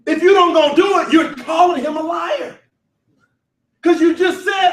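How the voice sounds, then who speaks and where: A man leading a motivational sales training, shouting, laughing and getting the crowd to answer back. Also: very high-pitched, fairly even intonation, normal speed. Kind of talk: motivational seminar talk. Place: large event hall. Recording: echoey hall, voice from far off.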